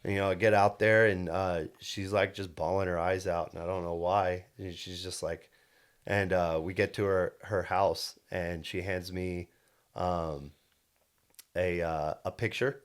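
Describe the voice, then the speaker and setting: Deep-voiced young man rambling earnestly. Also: fairly even intonation, measured pace, clean tone. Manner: earnest, rambling, full of restarts and "like". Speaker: podcast co-host and solar salesman. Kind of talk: casual storytelling chat.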